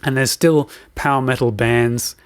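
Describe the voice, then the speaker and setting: A man's voice: medium pitch, steady tone, measured pace, no room sound, studio quality. A man co-hosting a podcast, chatting casually about recording music, rambling with many fillers and restarts, chuckling often. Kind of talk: casual chat.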